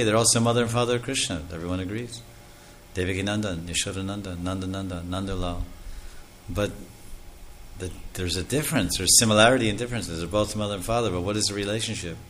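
Lowish-voiced man preaching a sermon. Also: fairly bright tone, a little hiss or hum. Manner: explanatory, with many Sanskrit terms and lists.

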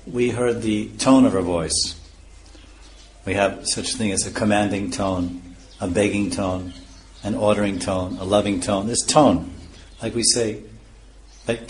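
A man's voice: on the low side, a little hiss or hum. A man giving a scripture lecture as a spiritual teacher, explaining terms one by one and chuckling at his own points.

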